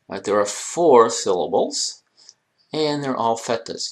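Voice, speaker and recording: A man's voice: fairly low pitch, a little slow. A man teaching an Arabic grammar lesson, joking and speaking straight to his students. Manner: jokey, addresses students directly, animated emphasis. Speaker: Arabic language instructor. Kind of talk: classroom lecture.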